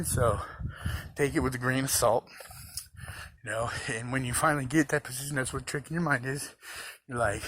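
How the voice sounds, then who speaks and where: A man's voice: medium pitch, steady tone, moderate pace. A man talking casually to the camera about recovery, rambling, blunt and profane but reassuring. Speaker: recovery vlogger. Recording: loud background noise.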